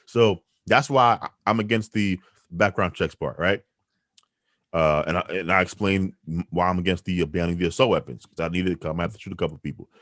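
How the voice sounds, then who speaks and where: A man hosting a podcast, arguing his opinions in an emphatic, animated way. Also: deep voice, brisk, no room sound, studio quality. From New York City. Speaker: podcast host.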